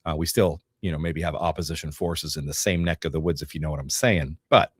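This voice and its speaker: A man's voice: a bass voice, fairly even intonation, a little fast, slightly rough, no room sound, studio quality. A middle-aged man hosting a casual livestream, rambling and joking while reading from notes and viewer comments. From Northeast Georgia, US. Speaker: livestream co-host.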